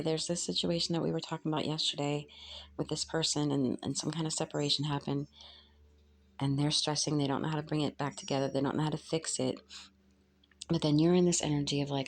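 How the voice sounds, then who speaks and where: A woman giving a casual spoken tarot reading, halting and earnest as she searches for words. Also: sits low, a little hiss or hum. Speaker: tarot reader.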